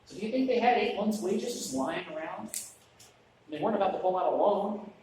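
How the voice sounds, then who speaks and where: A man preaches in a relaxed, chatty way, dropping in joking asides and restarting his sentences. His voice rings through a very echoey church sanctuary, picked up from some distance away, with a faint hiss under it. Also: high-pitched, a little fast. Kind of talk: conversational sermon.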